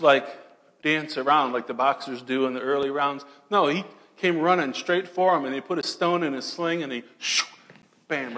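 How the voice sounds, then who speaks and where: A man preaching a sermon dramatically, moving between loud declarations and hushed, almost whispered passages. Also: on the high side, big-room sound. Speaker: pastor.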